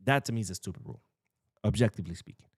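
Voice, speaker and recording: A man's voice: lowish voice, very fast, breathy edge, no echo, clean studio sound. A man hosting a football news show, ranting bluntly and profanely about the rules. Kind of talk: ranting commentary.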